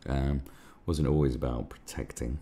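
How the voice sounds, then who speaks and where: A man's voice: rumbling low, steady tone, moderate pace, mellow. A man hosting a live stream, ranting sarcastically and swearing a lot in casual commentary. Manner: crude, sarcastic, swears often.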